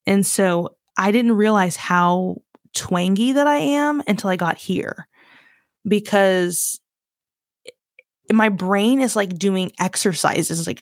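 Podcast host, 20s, mild Virginia twang, mid-pitched, loose filler-heavy chatter, dead-dry room. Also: female voice, dry recording. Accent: Southern US (Virginia). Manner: chatty, rambling, heavy "like" filler, self-mocking laughs. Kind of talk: casual solo chat.

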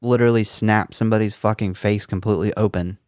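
A man's voice: lowish voice, fairly even intonation, fast, a little mellow, no echo, clean studio sound. A man co-hosting a casual horror movie podcast, recapping the plot with lots of swearing and laughter. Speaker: podcast co-host.

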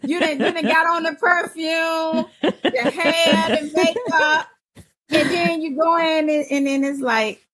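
A woman in her forties telling stories in a casual chat, animated and often laughing. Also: extremely high pitch, unhurried. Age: 40s. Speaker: panelist.

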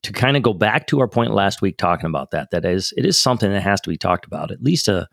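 A low-voiced man talks quickly and casually into a dry close mic. He hosts a faith conversation and rambles loosely, full of fillers. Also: expressive, vocal fry, a bit bright, dry recording. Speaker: podcast host.

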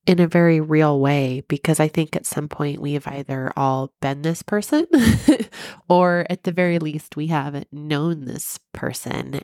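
A woman with a low voice and a stuffy, sick-sounding nose talks through her podcast. She tells her story in a chatty, friendly way. The sound is dry and close. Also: darkish tone, dry recording. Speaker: podcast host and mindset coach. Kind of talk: casual solo podcast talk.

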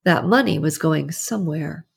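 A woman narrating an audiobook in a steady, even storytelling manner. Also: deep voice, moderate pace, vocal fry, slightly rough. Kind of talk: scripted narration.

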